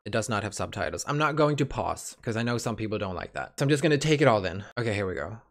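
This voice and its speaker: A host giving a casual reaction commentary, excitable, bursting into gasps, shrieks and the odd swear word. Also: fast talker, a little hiss or hum. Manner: lively, jumpy pitch.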